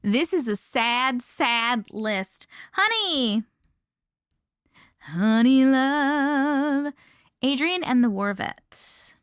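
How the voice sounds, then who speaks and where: Woman livestream host, high and animated, unhurried chatty delivery, bright voice, dry close sound. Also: no room sound. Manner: chatty, laughs often, greets viewers by name. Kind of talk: casual livestream chat with viewers.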